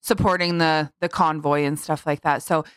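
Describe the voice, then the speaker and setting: A laid-back woman with a fairly low voice, chatting on a podcast. She laughs easily and swears offhandedly. The sound is dry and close to the mic. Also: steady tone, moderate pace, a bit bright, smooth, no echo. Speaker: podcast co-host. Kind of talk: casual podcast chat.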